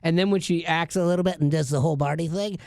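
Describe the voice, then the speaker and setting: Animated middle-aged man, fairly high voice. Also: fast, no echo, studio quality. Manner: animated storyteller, laughs often, does voices. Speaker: radio show host. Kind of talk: casual chat.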